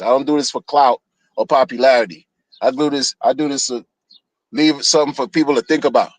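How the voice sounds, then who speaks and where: A man's voice: mid-range voice, moderate pace, dry recording, poor audio. A man ranting on a live stream in a blunt, rambling way, heavy on slang and repeated phrases. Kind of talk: casual on-stream rant. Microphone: streaming mic.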